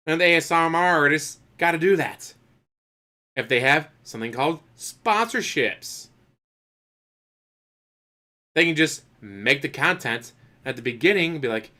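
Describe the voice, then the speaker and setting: A man's voice: fairly high pitch, expressive, moderate pace, long pauses, pushed and bright. A man making sarcastic, mocking comments on a streamer's rant, crude and dry.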